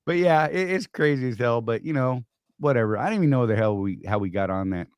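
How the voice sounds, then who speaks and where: A man's voice: mid-range voice, animated, quick pace, clear, resonant tone, no echo, studio quality. A man co-hosting a casual live-stream chat, rambling through stories with frequent restarts. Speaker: co-host.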